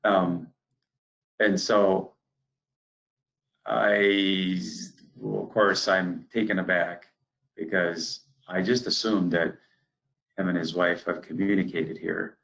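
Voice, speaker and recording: A man's voice: low-pitched, flat delivery, slow, gravelly, long pauses, a bit bright, rough recording. A man with an Upper Midwestern American accent giving a training presentation on conservation work, telling earnest stories with many "um"s and restarts.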